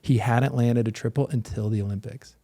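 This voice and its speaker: A man's voice: medium pitch, fairly even intonation, brisk, gravelly, dark tone. A man in his thirties, a former pro athlete, telling stories in a casual interview with many fillers and restarts. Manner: loose, rambling storytelling with many fillers.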